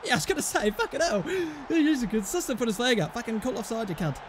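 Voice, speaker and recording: This young gaming YouTuber swears constantly while reacting to a football manager game, veering between panic and shrieking delight. He talks quickly in an extremely high voice with big swings in pitch, over faint background noise.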